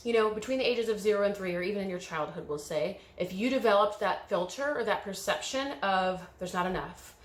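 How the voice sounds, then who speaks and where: A woman's voice: medium pitch, fairly quick, few pauses, echoey room. A woman giving an emotional pick-a-card tarot reading, coaching viewers through a guided visualization. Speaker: tarot reader.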